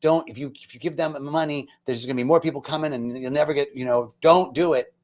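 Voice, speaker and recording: A man of middle pitch speaks with deep feeling, sliding from hushed, near-whispered passages to loud, fervent lines. He talks casually and chattily, breaking in with self-mocking asides. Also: steady tone, fast. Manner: earnest and emotional, dropping to near-whispers then rising loud. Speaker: spiritual talk host. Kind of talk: personal spiritual storytelling talk.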